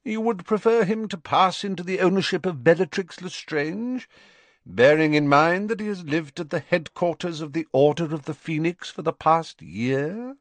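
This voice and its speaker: A man voicing an elderly male headmaster who speaks in a measured, formal, gently amused way. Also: a little high, no echo, voice pushed up, close to an everyday voice. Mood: calm. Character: elderly male headmaster, calm, courteous and wry.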